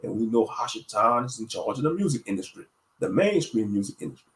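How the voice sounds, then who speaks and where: A man's voice: on the low side, sing-song, fast talker, fairly bright tone. A man in his late thirties hosting a casual commentary monologue, thinking aloud and turning preachy. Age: late 30s. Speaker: host.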